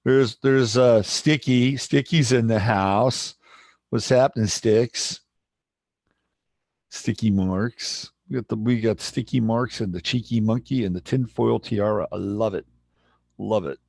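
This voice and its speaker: A man hosting a livestream in casual chat, relaxed and rambling as he greets viewers. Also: fairly low pitch, unhurried, creaky, no echo. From San Jose, California, USA. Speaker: livestream host.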